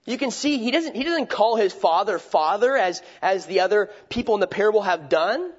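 Male preacher, high register, conversational sermon, dull lo-fi audio. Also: animated, brisk. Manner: conversational, asks rhetorical questions, restarts phrases. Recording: dull lo-fi recording.

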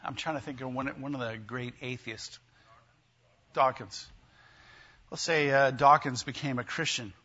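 A man's voice: mid-range voice, steady tone, a little slow, pauses often, pushed and bright, husky, dull audio. A man preaching a sermon in a conversational way, often asking his listeners questions. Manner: conversational, asks the congregation questions. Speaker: pastor.

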